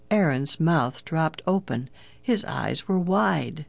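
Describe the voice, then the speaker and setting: An audiobook narrator reading a children's adventure story in a clear, even storytelling manner. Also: mid-range voice, slow pace, no echo.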